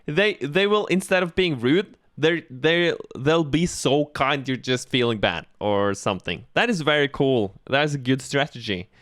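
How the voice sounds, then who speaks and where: A man's voice: medium pitch, lively intonation, normal speed, few pauses, a bit bright, no room sound, studio quality. A Norwegian man hosting a reaction video, chatting casually and joking around, laughing often. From Norway.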